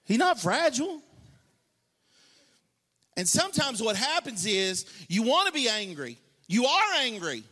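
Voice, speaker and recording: Man preaching with a high, lively voice. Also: unhurried, pauses often, big-room sound. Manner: passionate preaching, swings from quiet asides to shouted, sung-out lines; colloquial, joking asides to the congregation. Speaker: pastor. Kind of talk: sermon. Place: church sanctuary.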